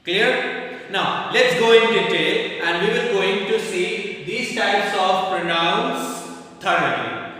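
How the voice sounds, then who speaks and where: Male school teacher, high voice, drills examples step by step; roomy distant sound. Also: expressive, pushed and bright. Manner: slow, deliberate, repeats examples for pupils. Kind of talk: classroom grammar lesson. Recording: echoey room, far from the mic.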